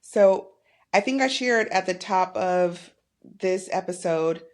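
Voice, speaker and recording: A woman's voice: fairly low pitch, slow pace, darkish tone. A middle-aged woman hosting a podcast, talking candidly and from the heart about her own life. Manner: candid and heartfelt, faith-tinged, openly emotional. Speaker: podcast host. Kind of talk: personal monologue.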